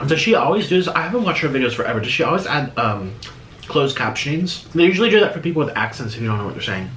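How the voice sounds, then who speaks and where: A man hosting a reaction video, chatting casually and eating between quick remarks. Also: on the high side, big pitch swings, a bit bright, slight background noise. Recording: roomy echo.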